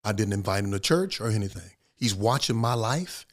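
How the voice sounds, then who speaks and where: A man's voice: on the low side, expressive, fairly quick. An older man, a pastor, telling a story in an interview and acting out the people he quotes. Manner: acts out quoted voices, laughs often.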